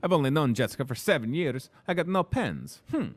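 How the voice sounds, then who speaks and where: A young man hosting a grocery store's daily video, energetic, jokey and rambling, recorded in the store. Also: fairly high pitch, a little fast, no echo. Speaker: host.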